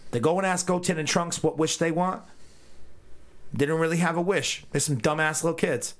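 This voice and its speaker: A man co-hosting a podcast, recapping an episode in casual chat with crude jokes and quick character asides. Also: on the high side, steady tone. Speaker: podcast co-host.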